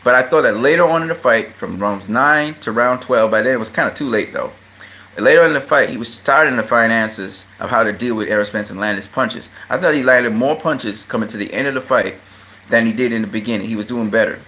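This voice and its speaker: Profane, heated man ranting. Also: brisk. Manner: rising to loud high outbursts. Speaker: boxing commentator. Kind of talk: casual ranting commentary.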